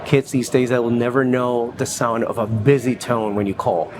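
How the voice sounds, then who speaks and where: A man in his forties from Venezuela, a company CFO telling relaxed stories with many fillers in an interview at a stock exchange. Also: mid-range voice, moderate pace, music in the background. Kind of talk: casual interview. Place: New York Stock Exchange floor.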